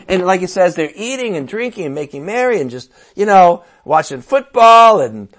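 A male preacher with a high voice that leaps up and down as he talks. He keeps the sermon casual and chatty, throws in playful asides and bursts out loudly to make a point. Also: normal speed, few pauses. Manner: animated and conversational, with playful asides and sudden outbursts.

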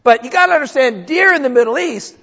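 An older man from New England, a pastor preaching a sermon in a church with folksy, joking, animated delivery. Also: very high voice, quick pace, gravelly. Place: church sanctuary. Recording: dull sound in a long-echo hall.

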